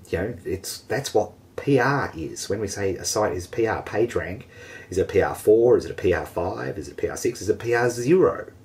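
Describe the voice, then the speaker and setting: A man teaching an online marketing lesson, energetic and jokey, poking fun at himself. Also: lowish voice. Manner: energetic, jokey and self-mocking. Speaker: online marketing course host.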